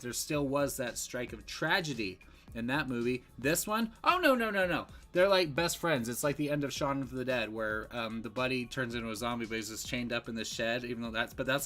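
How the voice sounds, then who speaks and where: A man's voice: medium pitch, brisk, fairly bright tone, soft background music. A man giving a casual, rambling movie review, full of fillers and restarts.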